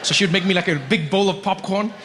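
A young man performing a stand-up comedy routine, telling a story with lively acted-out voices. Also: high voice, quick pace, long reverb tail, background noise.

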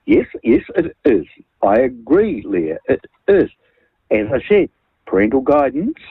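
An older man rings in to talkback radio, opinionated and animated, tripping over repeated words. His husky voice swings lively in pitch, and the thin phone line comes through dry and close. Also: takes it slowly, no echo. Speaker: radio caller.

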